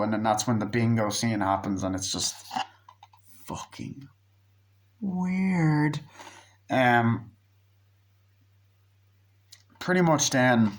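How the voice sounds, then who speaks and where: A man's voice: lowish voice, takes it slowly, pauses often. A man giving a casual, rambling film review, swearing freely and losing his train of thought. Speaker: movie reviewer.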